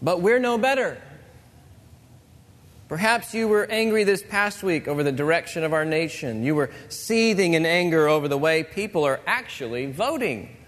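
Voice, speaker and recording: A man preaching a sermon as pastor, earnest and measured, with pauses. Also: on the high side, expressive, fairly bright tone. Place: church sanctuary. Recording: long church reverb.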